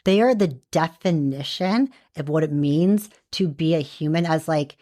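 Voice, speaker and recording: Low-voiced young woman, chatty guest. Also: measured pace, warm tone. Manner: chatty, lots of "like" and short agreements. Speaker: podcast guest. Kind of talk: casual interview chat.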